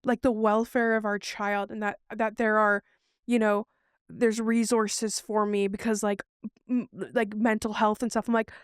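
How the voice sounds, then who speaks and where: A woman's voice: medium pitch, measured pace, clean tone, no room sound, clean studio sound. A woman co-hosting a podcast, telling a personal story in casual chat and acting out what others said to her. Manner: animated, acts out what others said. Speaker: podcast co-host.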